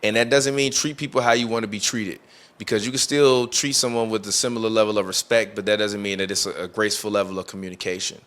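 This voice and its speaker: A man's voice: lowish voice, fast talker. A man chatting casually on a talk show, telling a story with lots of fillers and restarts and acting out what people said. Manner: animated storytelling, acting out quoted voices. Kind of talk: casual chat.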